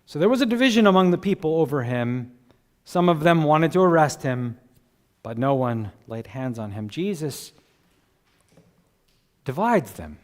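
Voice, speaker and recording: A man preaching a sermon as pastor, animated and conversational, chuckling between points and acting out quoted voices. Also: a little high, a little slow, pauses often. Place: church sanctuary. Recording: long church hall reverb.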